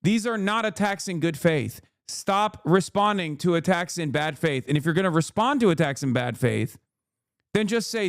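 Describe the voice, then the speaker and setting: A man streams a heated, casual commentary rant, swearing freely and pressing every point with a pointed "okay?". His voice sits a bit high for a man, and the sound is dry and close with no room around it. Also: expressive, normal speed, creaky, no echo. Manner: profane, emphatic, keeps asking "okay?".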